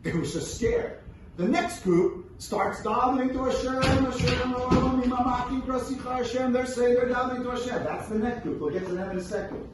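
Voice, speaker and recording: A man's voice: very high-pitched, animated, brisk, music in the background. A man teaching a Torah lesson as a rabbi, reading verses, translating them, and pressing with rhetorical questions. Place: event room at a brunch. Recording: very echoey room from far off, faint noise.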